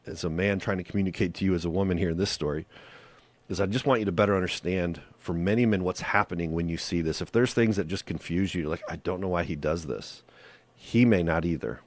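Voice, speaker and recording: A man's voice: low-pitched, no echo. A male podcast host giving faith-based relationship advice in an earnest, conversational monologue that leans on rhetorical questions.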